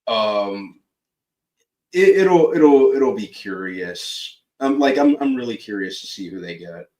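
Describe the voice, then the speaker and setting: A man co-hosting an entertainment show, chatting casually and hesitantly, with many pauses and fillers. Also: fairly low pitch, animated, a little mellow. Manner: hesitant, many ums, repeats himself. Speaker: podcast co-host. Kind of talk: casual chat. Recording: roomy echo, distant from mic.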